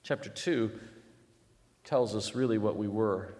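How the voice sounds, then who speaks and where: A middle-aged man preaching a sermon, telling stories with animated swings between loud and hushed delivery. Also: on the low side, unhurried. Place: church sanctuary. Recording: long reverb of a large hall.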